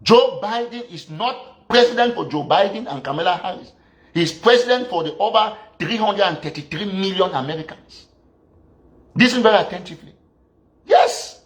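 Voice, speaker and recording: A man from Southern Cameroon, ranting as a political activist. He scolds his opponents and fires off one rhetorical question after another. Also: sits high. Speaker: activist commentator. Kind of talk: political rant.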